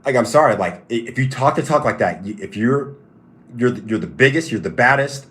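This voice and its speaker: A man's voice: medium pitch, lively intonation, a little fast, a bit bright. A man hosting a casual livestream who answers chat questions in a repetitive, stop-start, emphatic way. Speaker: livestream host and fighter.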